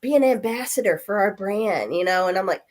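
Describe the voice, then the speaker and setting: A woman in her forties, coming down with a cold, telling animated stories in a casual chat and acting out the voices of people in them. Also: mid-range voice, brisk. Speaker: guest. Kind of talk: casual storytelling.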